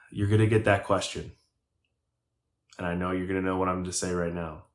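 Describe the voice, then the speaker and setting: A man's voice: sits low, fairly even intonation, moderate pace. Joking man in an echoey room. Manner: joking, talks straight to viewers. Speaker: tabletop game master and video host. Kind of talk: casual advice vlog. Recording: echoey room with faint music.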